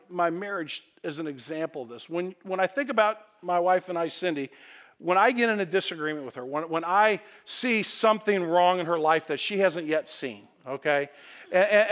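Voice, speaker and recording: High-voiced pastor preaching conversationally. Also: male voice, a bit bright. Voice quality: frequent stammered repeats, conversational asides. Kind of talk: sermon. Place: church sanctuary with congregation.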